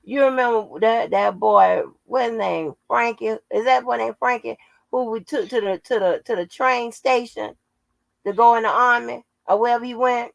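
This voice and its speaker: Gravelly-voiced woman chatting on a livestream. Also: a little high, normal speed, no echo, low-quality recording. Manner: salty, laughing, profane storytelling. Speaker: channel host. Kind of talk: casual livestream chat.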